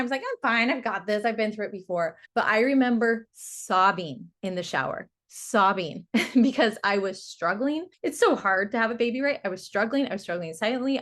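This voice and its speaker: A woman's voice: medium pitch, a bit bright. A woman giving a live online health coaching talk, upbeat and coaxing, often breaking into a laugh.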